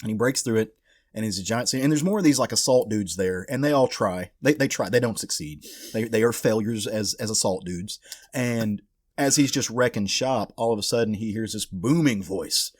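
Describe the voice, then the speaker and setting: A man's voice: lowish voice, moderate pace, no room sound. A man co-hosting a casual podcast, retelling a comic story with acted-out lines and swearing. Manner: animated storyteller, swears, acts out characters. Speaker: podcast co-host. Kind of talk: casual comic book chat.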